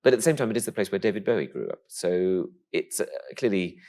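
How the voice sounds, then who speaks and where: A man from England with a posh-sounding voice, telling stories in a camp, animated way as a guest in an interview. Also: deep voice, fast. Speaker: comedian guest. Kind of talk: casual interview chat.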